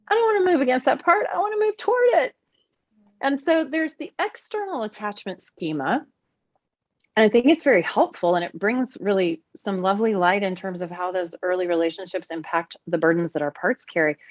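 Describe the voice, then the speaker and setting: A woman speaking as a podcast guest and teacher, animated and expressive, her voice swinging widely in pitch as she explains her ideas. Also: normal speed, no room sound, muffled recording. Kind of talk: conversational podcast interview.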